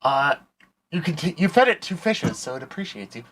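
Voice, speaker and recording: A man's voice: on the high side, sing-song, a little fast, fairly bright tone. Man, game master, casual rambling narration, faint hiss and clicks.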